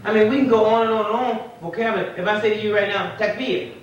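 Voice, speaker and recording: Man, imam, classroom lecture, fairly high voice, distant echoey room, muffled old tape. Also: fairly even intonation, racing, slight background noise. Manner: conversational, quizzes the class with questions. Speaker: imam teaching Arabic. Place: mosque classroom.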